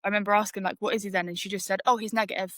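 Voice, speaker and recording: A woman's voice: mid-range voice, level tone, very fast, a bit bright, no echo, clean studio sound. A woman telling her story in casual podcast chat, chatty with many fillers. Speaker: podcast host.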